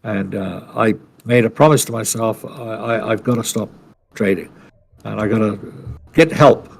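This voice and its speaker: A man's voice: lowish voice, moderate pace, creaky, a little hiss or hum. A male podcast co-host telling a personal story in a casual, blunt, salty way, rambling with restarts.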